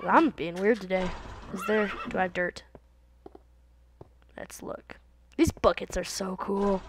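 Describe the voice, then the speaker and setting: A teenage girl talks over her game in a loose, silly ramble, hopping from one thought to the next. Her voice sits at an ordinary middle pitch for a woman. Game sounds run clearly underneath her on a plain computer mic. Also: measured pace, pauses often, slight background noise. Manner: rambling, silly, jumps between topics. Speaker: gaming video host. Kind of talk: casual let's-play commentary. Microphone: computer mic, voice set low. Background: game sounds from the video game.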